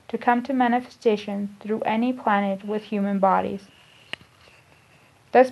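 Woman, spiritual lecture, reading teachings aloud, deliberate, repeats phrases, muffled lo-fi sound. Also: a little high. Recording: dull lo-fi recording.

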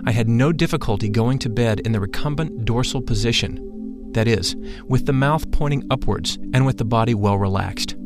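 A man narrating a first-person spiritual memoir in a measured, solemn reading style. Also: mid-range voice, over music.

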